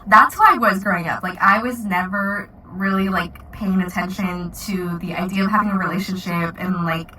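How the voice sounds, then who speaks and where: A woman's voice: mid-range voice, normal speed, hardly any pauses, sharp tone, recorded from a distance, slight background noise, poor audio. A woman in her twenties telling a casual storytime vlog, chatty and full of "like" fillers. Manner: chatty, many "like" fillers, giggly. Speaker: vlogger.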